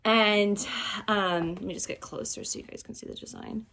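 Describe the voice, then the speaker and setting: A woman's voice: medium pitch, fairly even intonation, normal speed, creaky, a bit bright, a little hiss or hum. A chatty woman hosts a casual vlog indoors in a vintage clothing storeroom. She rambles, corrects herself and laughs easily. She is filmed on a phone that someone else holds. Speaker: vintage shop host showing items. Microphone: phone held by a helper.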